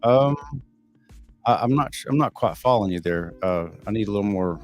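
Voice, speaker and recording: A man's voice: lowish voice, animated, fairly quick, darkish tone, faint music behind. A middle-aged man with a Texan accent, hosting a casual live stream and answering viewers' chat in a candid, blunt and profane way. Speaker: livestream host reading chat.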